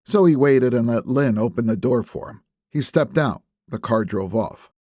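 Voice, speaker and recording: A man reading a crime novel aloud as an audiobook narrator, in steady, measured storytelling. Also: medium pitch, no room sound, studio quality. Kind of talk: scripted narration.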